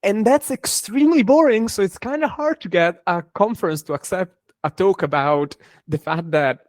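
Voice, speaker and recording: A man speaking as a guest in an interview, answering thoughtfully with frequent pauses and restarts. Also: high-pitched, no echo. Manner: thoughtful, hesitant with many fillers and restarts. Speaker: cryptography engineer and guest.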